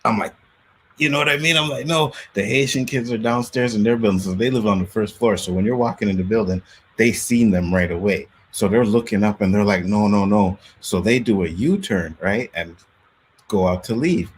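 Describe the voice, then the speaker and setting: A man hosting a casual talk show, telling street stories from his youth in Canada with lively acted-out quotes. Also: on the low side, normal speed, a little hiss or hum. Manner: animated storyteller, acts out quotes. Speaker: podcast host. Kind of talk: casual storytelling chat.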